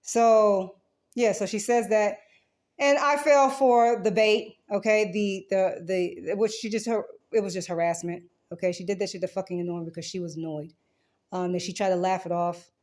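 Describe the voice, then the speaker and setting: A woman's voice: medium pitch, fairly even intonation, moderate pace, a little mellow. Woman rambling through a defensive account. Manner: rambling, defensive, swears, many restarts. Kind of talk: recorded account of a dispute.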